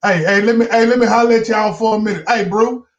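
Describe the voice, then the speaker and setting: A man putting on a pushy, high-pitched young woman. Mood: eager. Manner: pushy, rapid and excited. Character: skinny eager young woman pushing to be a comedian. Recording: dull lo-fi recording.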